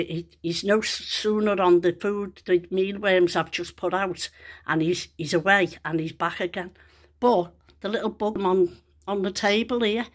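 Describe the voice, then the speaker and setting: A middle-aged woman filming a casual vlog outdoors in her back garden on a phone, chatty and excited as she calls to a bird. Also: mid-range voice. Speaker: vlogger.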